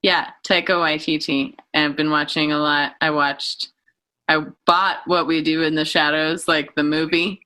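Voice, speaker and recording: A woman in loose, rambling podcast chat, laughing often and dropping into silly voices. Her tone is bright and forward, pitched a little low for a woman. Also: flat delivery, a little slow. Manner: giggly, rambling, slips into comic voices. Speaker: podcast guest. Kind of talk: casual chat.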